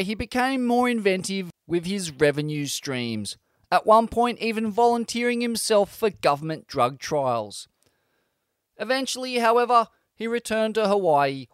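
A man reading scripted narration in a measured storytelling delivery on a close studio mic. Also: sits high, smooth, no echo. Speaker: podcast narrator.

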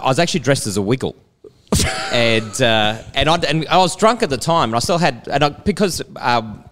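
A man's voice: lowish voice, a bit bright, long reverb tail. A middle-aged Australian man telling rambling stories in a casual chat, laughing and restarting often. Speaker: guest.

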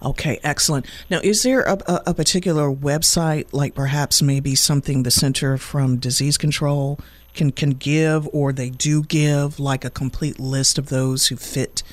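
A man hosting a weekend radio interview show, speaking with effusive praise and long, drawn-out phrasing. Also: a little high, fairly even intonation, no echo.

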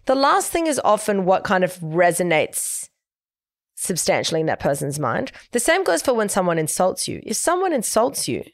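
In clean studio sound without echo, a young woman with a mid-range voice runs her own casual podcast. She hands out advice emphatically and conversationally, dropping in quoted asides.

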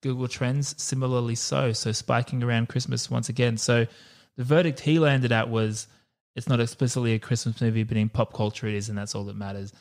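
A man's voice: mid-range voice, fairly even intonation. A man co-hosting a podcast, reviewing a movie in a chatty, casual way and laughing often. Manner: chatty, quick to laugh, thinks aloud. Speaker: podcast co-host.

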